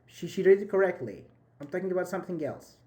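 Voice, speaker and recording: A man with a high-pitched, dark-toned voice talks fast and with lively intonation. He's teaching a live English grammar class online over a video call, cheering his students on and repeating and rephrasing every point.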